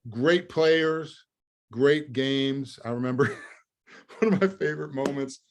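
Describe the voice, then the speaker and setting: A man in his fifties, a former football lineman, telling lively stories in an interview, often laughing and trailing into fillers. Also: medium pitch, slow, slight background noise. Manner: lively storyteller, laughs through punchlines, many fillers. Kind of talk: storytelling interview.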